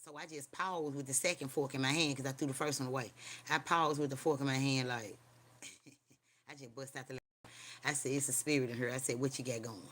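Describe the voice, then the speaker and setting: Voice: mid-range voice, steady tone, moderate pace, fairly bright tone. A livestream host talking casually from home, rambling and profane, mixing a spooky personal story with street preaching and often checking in with viewers. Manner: rambling, slangy and profane, keeps asking viewers "you hear me?".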